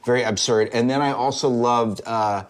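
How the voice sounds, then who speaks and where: A man chatting as a guest, reacting quickly and laughing easily. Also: mid-range voice, fairly even intonation. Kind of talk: casual chat.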